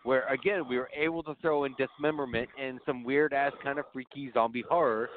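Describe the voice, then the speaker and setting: A man's voice: mid-range voice, steady tone, brisk, slight background noise. A man co-hosting a podcast who argues his side of a film in a laid-back, joking way. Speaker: podcast co-host. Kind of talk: casual film discussion. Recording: dry, phone-like narrow audio.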